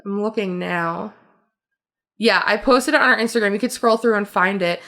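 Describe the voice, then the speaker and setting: A woman co-hosting a podcast, telling stories in a casual, animated way with frequent laughter and lots of fillers. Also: medium pitch, normal speed. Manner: animated storyteller, laughs often, many fillers. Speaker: podcast co-host. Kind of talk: casual chat.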